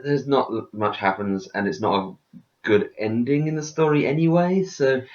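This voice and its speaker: A man's voice: medium pitch, normal speed, muffled recording. A man chatting casually about a film, making dry, wry remarks. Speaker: co-host reviewing a film. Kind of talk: casual chat.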